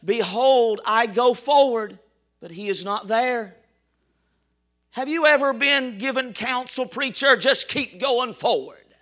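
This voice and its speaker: A male pastor preaching a sermon with passion, swinging from shouts to soft, quiet asides. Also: very high voice, takes it slowly. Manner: impassioned preaching with shouts and sudden soft drops.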